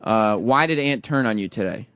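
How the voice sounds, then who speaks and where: A man's voice: fairly low pitch, lively intonation, moderate pace, a bit bright, clear, resonant tone, no echo. Wisecracking male radio host. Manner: wisecracking, teasing callers. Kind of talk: casual talk radio banter.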